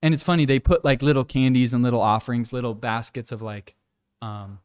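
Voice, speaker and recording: Young man, smooth voice, casual rambling vlogger, filming handheld on an outdoor walk. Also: steady tone, a little fast. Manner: laid-back, rambling, mimics animals and people in high squeals. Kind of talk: casual vlog chat. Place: outdoors on a hillside village walk.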